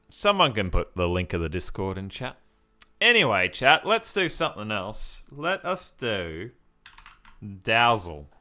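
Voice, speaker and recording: A man's voice: mid-range voice, sharp tone. A man giving chatty live-stream commentary as he talks to his chat and often laughs. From Australia.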